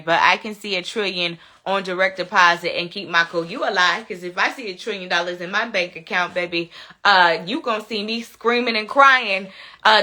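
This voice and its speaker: A woman hosts a casual live chat, reading viewer comments aloud, laughing often, and bantering back at the commenters. Her voice is mid-range, with a bright, forceful tone.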